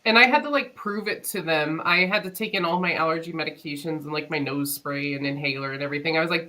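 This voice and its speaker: A woman co-hosting a casual podcast chat, telling her story in a relaxed, matter-of-fact way. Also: deep voice, fast, hardly any pauses, low-quality recording.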